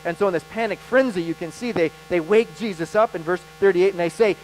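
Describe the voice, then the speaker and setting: A man preaching a sermon as pastor, animated and emphatic, with dramatic pauses. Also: high voice, faint music behind, rough recording.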